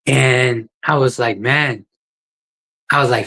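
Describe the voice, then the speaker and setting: A man talks as a podcast guest. He tells his story in an earnest, plain-spoken way. His voice sits at a middle pitch. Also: fairly even intonation, takes it slowly, pauses often, bright, forceful tone, poor audio. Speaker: guest, ultra runner. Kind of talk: podcast interview, personal story.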